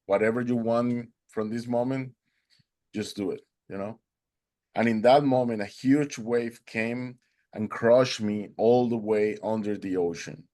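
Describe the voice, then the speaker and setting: Guest storyteller: man, Spanish native speaker, earnest, mid-pitched, non-native English phrasing. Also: steady tone, unhurried, mellow. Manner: acts out quoted dialogue in a raised voice. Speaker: interview guest.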